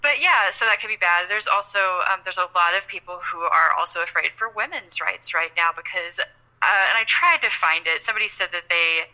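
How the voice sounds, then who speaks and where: A woman's voice: lowish voice, animated, fairly quick, sharp tone, low-quality recording. A woman co-hosting a podcast in casual chat, wry and rambling, often restarting her sentences. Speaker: podcast co-host.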